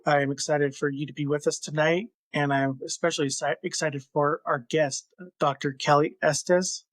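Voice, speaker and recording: A man hosting a podcast, giving a brisk, upbeat welcome and introducing his guest. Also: a little high, fairly even intonation, no echo. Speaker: podcast host. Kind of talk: show introduction.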